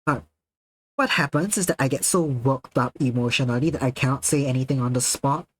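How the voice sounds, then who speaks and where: An excitable streamer casually talks with his viewers, swearing freely and laughing often at what they write. His mid-range voice moves briskly, and the audio is poor.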